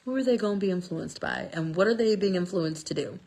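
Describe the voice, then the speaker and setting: A woman telling a Bible story in a casual, lively way, often checking in with "okay?". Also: lowish voice, a little fast. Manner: lively, chatty, stresses words with "okay?". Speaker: speaker sharing a Bible passage. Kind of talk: casual storytelling talk about scripture.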